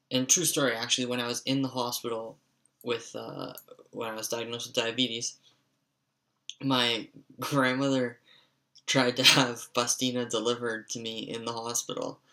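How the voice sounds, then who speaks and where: A young man with a stuffy, raspy voice, telling a rambling, profane story in a casual vlog. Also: mid-range voice, bright, forceful tone. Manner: rambling, profane, frequent "like" fillers.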